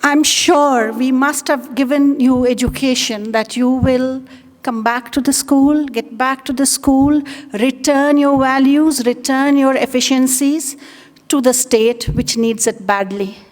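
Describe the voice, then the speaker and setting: A woman's voice: high-pitched, steady tone, a little slow, big-room sound. A woman teacher addressing former students in an earnest way. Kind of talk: farewell address at a school event. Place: school hall.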